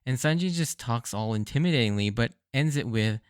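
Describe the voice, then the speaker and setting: A man hosting a solo podcast, recapping anime episodes in a casual, excited way, often laughing and saying "like.". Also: medium pitch, brisk, smooth, no echo, studio quality. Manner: casual, filler-heavy with frequent "like". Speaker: podcast host. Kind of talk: solo rewatch commentary.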